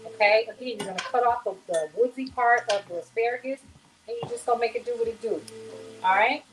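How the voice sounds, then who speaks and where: A woman's voice: on the high side, fast talker, background noise. A woman hosting a casual home cooking demonstration, talking to viewers in a chatty, folksy way. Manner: chatty and folksy, addresses viewers as y'all and honey. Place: home kitchen.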